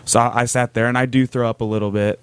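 A man's voice: medium pitch, flat delivery, fast, clean tone. Rambling young man telling a story. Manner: rambling storyteller, many fillers. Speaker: podcast co-host telling a story. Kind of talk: casual chat.

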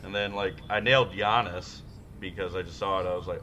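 A man's voice: low voice, fairly even intonation, a little fast, sharp tone. A man co-hosting a podcast, telling profane, rambling stories in casual chat. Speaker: podcast co-host.

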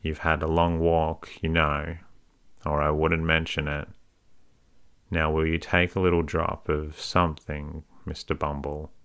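A man's voice: very deep voice, level tone, unhurried, fairly bright tone, smooth, full character voice. A man voicing a fawning, scheming woman who looks after orphans, wheedling and overly humble, read as a bedtime story. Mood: coaxing.

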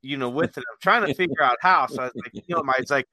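A man's voice: medium pitch, racing, bright, forceful tone, no room sound. A man telling prank stories in casual chat, rambling with many fillers and restarts. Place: workplace with dispatchers.

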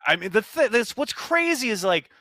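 A man's voice: high-pitched, big pitch swings, normal speed, bright, forceful tone, no room sound. A man co-hosting a casual sports podcast, talking emphatically with frequent exclamations. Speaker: podcast co-host.

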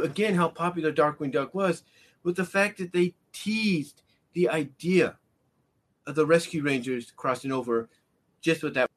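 Rambling, excitable man, slightly high voice. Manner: rambling, many fillers and restarts, grows excited. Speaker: commentator on animation history. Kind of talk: casual monologue.

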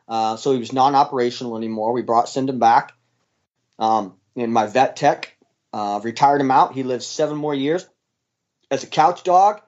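A man's voice: medium pitch, normal speed, a little mellow, highs cut off. A man, a former military dog handler, telling his story in an interview in a casual, blunt way with plenty of fillers and the odd swear.

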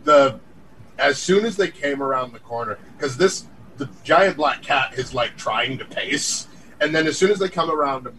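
A man with a bright, forceful voice describes a tabletop game scene in an animated way. He sounds a step away from the mic, with a faint hiss underneath. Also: mid-range voice, moderate pace, far from the mic, low-quality recording. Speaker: player.

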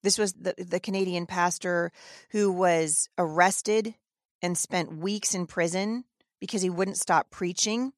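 A woman's voice: lowish voice, fairly even intonation, measured pace, no room sound, clean studio sound. A woman hosting a podcast, giving emphatic, indignant opinion commentary and often restarting her sentences. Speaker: podcast host.

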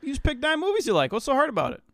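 A man's voice: very high voice, huge pitch swings, racing, fairly bright tone, no room sound, studio quality. A man co-hosting a podcast in casual chat, laid-back and teasing, laughing often. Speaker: podcast co-host.

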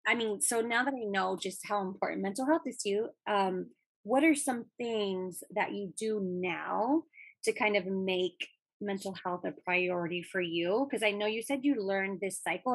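A woman's voice: mid-range voice, normal speed, husky, no room sound. A woman hosting a podcast interview, encouraging her guest and laughing often in casual chat. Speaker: podcast host.

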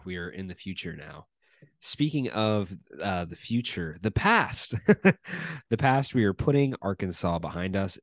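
Deep-voiced male podcast host. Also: no room sound, clean studio sound. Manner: upbeat, laughs easily. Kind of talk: casual sports podcast chat.

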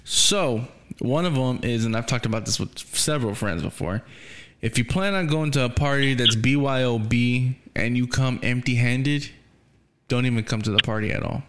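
A man's voice: mid-range voice, moderate pace, fairly bright tone. A man hosting a podcast, chatting casually and swearing freely, laughing often. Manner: profane, laid-back, laughs often. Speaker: podcast host.

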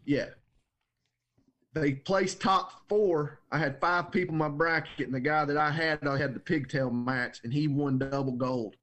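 A man's voice: on the high side, fairly even intonation, unhurried, fairly bright tone. A man co-hosting a podcast in casual chat, telling jokey, laid-back stories. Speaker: podcast co-host.

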